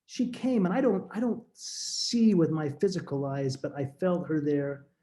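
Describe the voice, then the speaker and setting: This middle-aged podcast guest tells something deeply personal in an earnest, halting way, frequently starting his words over. His delivery is expressive yet mellow.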